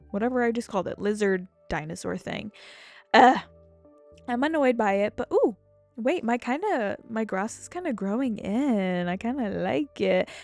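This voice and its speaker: A young woman chatting casually over her gameplay, rambling from topic to topic, getting excited and swearing freely. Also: medium pitch. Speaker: gaming YouTuber.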